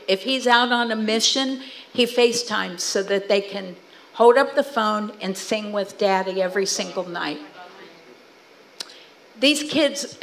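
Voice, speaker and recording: A woman's voice: mid-range voice, rough recording. Woman telling family stories with animation. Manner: animated storytelling, acting out quoted family talk. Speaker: guest speaker. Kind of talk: storytelling talk to a church audience. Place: church hall with audience.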